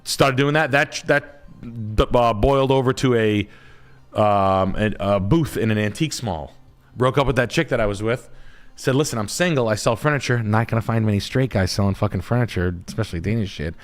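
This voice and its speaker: A man's voice: lowish voice, normal speed, soft background music. A man, a realtor hosting a live stream, telling a long casual story with lots of swearing and trailing off while he hunts for words. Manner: rambling, profane, trails off searching for words.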